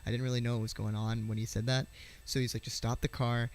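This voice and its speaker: A man recounting a scary night in a loose, rambling vlog style. His voice has a gravelly, creaky edge at a middling pitch. He stumbles through restarts and fillers and swears freely as he gets worked up. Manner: halting, full of fillers and restarts; swearing, excitable. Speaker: vlogger. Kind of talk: casual storytelling.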